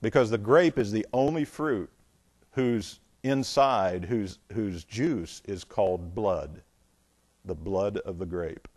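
A man teaching the Bible in a sermon style, animated and digressive, often asking his listeners questions. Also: fairly low pitch, slow, breathy edge.

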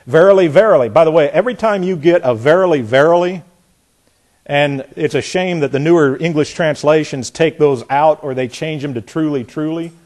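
A man preaching a sermon with a somewhat high voice. He reads scripture in old-fashioned phrasing, then breaks off to comment, his volume rising sharply and falling to near-whispers as he drives points home. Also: a little fast, a little mellow. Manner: laughs at times while preaching.

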